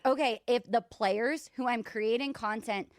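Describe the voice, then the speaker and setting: A young adult woman, a guest sportscaster, telling stories in a casual podcast chat, animated and full of fillers. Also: fairly high pitch, a little slow, dry recording. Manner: animated, filler-heavy storytelling with lots of "like".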